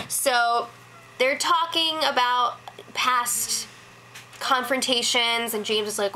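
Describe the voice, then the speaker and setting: A woman's voice: a little high, pushed and bright, a little hiss or hum, rough recording. A woman giving a casual spoken recap, chatty and full of "like" fillers. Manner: chatty, lots of "like" fillers, quick mimicry of others. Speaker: reality show recap host.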